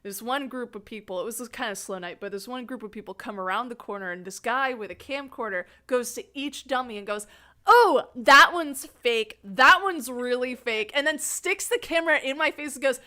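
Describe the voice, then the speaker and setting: A woman's voice: fairly high pitch, quick pace, few pauses. A young adult woman hosting a casual livestream interview, telling stories animatedly and laughing often. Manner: animated storyteller, laughs often, acts out voices. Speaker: host interviewing a fellow scare actor.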